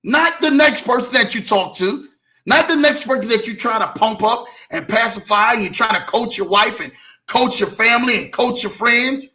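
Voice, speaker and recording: A man preaches about faith and wealth in a motivational talk. His voice sits very high for a man and sounds bright and forceful. He keeps repeating lines and shouts often. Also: normal speed. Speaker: host.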